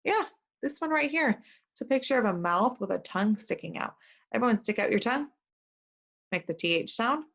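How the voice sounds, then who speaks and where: A woman teacher giving an early reading lesson to young children, reading sentences slowly and modelling how to sound out words. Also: lowish voice, gravelly, a bit bright. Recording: dull lo-fi recording.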